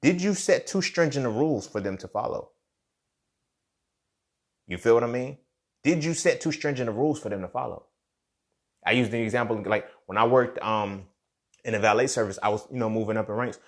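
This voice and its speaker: Medium in pitch and moderate in pace, with long pauses, a young male podcast host delivers a loose motivational monologue. He tells a story full of profanity, repeatedly asking "you feel me."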